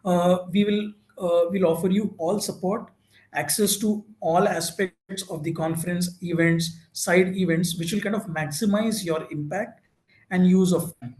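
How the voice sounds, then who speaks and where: A man's voice: high voice, steady tone, measured pace, darkish tone, roomy sound, low-quality recording. A man giving an informal presentation at an info session, talking with many fillers and restarts.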